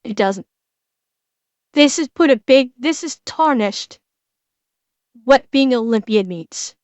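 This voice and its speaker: Woman, high voice, dry close sound, earnest, stumbling restarts, reaction commentary. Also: lively intonation, dry recording. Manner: halting, with many restarts and repeated words; earnest and emotional. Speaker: streamer reacting to a video.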